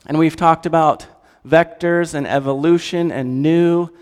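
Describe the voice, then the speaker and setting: A man gives a sermon in a casual, animated style and often turns to the audience with questions. His voice sits a little high for a man. The sound carries a long hall reverb. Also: measured pace, smooth. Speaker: pastor.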